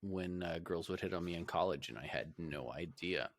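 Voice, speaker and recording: A young man with a low voice co-hosts a podcast, chatting casually at normal speed and rambling with plenty of fillers and restarts. There's no room sound.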